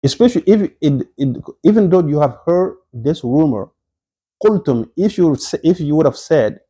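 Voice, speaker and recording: A man's voice: fairly high pitch, lively intonation, normal speed, warm tone, slightly rough. A man teaching an Islamic history lesson in a conversational way, restarting phrases, exclaiming often and quoting Arabic. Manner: slips into quoted Arabic phrases. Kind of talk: recorded Islamic history lecture.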